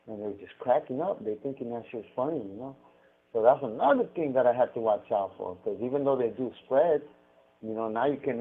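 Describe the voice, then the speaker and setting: A man telling stories over a prison phone call, profane and rambling with frequent restarts. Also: mid-range voice. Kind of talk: casual storytelling on a phone call. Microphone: prison payphone handset. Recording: tinny prison phone line.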